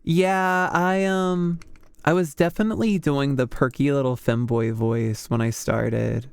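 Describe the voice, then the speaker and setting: A man's voice: medium pitch, steady tone, measured pace, dry recording. A man streaming as a VTuber, talking casually with chat in a rambling way full of fillers. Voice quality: smooth. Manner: rambling, chatty, lots of fillers.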